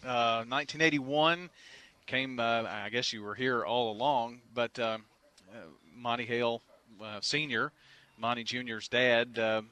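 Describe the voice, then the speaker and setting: Male sports radio host, friendly, halting delivery, smooth voice, outdoor patio broadcast. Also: mid-range voice, fairly even intonation, sharp tone. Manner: friendly, halting, many uh and um fillers. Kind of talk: casual radio interview.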